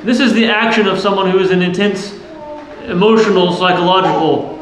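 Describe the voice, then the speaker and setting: A man's voice: high-pitched, fairly even intonation, brisk. A man preaching a sermon as a priest, earnest and explanatory, often asking the listeners questions. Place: church. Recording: very echoey church with faint noise.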